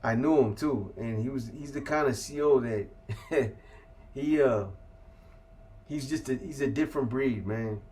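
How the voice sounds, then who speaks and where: A man's voice: medium pitch, unhurried, pauses often, warm tone. A man from California casually telling a story as an interview guest, in laid-back street slang with plenty of profanity.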